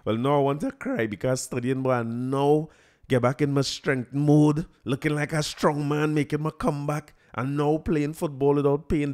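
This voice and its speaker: A man with a Trinidadian accent hosting a podcast, telling a story in a lively, laughing, colloquial way. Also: medium pitch. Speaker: podcast host. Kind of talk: casual storytelling chat.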